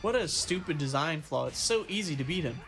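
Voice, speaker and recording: A young man with a somewhat high voice chats casually while a video game plays. He tells anecdotes and acts out what other people said. Soft game music runs faintly behind him. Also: animated, fairly quick. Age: young adult. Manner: chatty, tells retail customer anecdotes with acted-out quotes. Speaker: gaming co-host. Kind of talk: casual chat while gaming.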